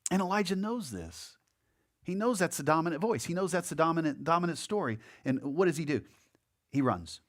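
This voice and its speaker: Conversational male pastor preaching. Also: on the high side. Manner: conversational preaching, repeats words, acts out quotes. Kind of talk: sermon.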